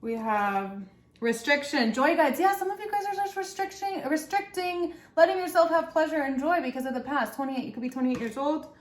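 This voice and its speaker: A woman's voice: high-pitched, fairly quick. Chatty woman tarot reader, echoey room. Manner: chatty, encouraging, talks straight to viewers with lots of "like". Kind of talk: casual pick-a-pile tarot reading. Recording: echoey room with faint background noise.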